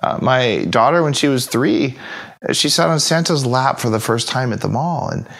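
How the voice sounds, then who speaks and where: A man's voice: medium pitch, normal speed, creaky. A man in his forties, a podcast guest telling stories in a casual interview and acting out the voices of the people in them. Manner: animated storyteller acting out quoted voices. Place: podcast studio.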